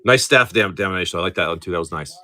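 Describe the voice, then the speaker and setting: Middle-aged male streamer, chatty and profane, bright lively delivery, casual rambling. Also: deep voice, very fast. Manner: chatty, profane, laughs easily; rambling with frequent restarts. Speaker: live-stream card breaker. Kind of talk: casual live-stream chat.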